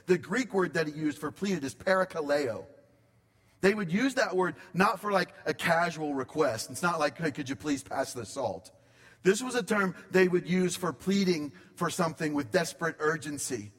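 A pastor preaching a sermon in a conversational style, with dramatic pauses. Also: male voice, fairly high pitch, lively intonation, fairly bright tone, long reverb tail.

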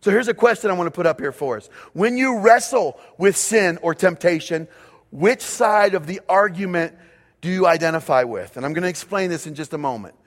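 A man's voice: sits high, expressive, brisk. A man preaching a sermon as pastor, speaking emphatically and repeating key phrases for his congregation. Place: church auditorium. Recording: long reverb of a large hall.

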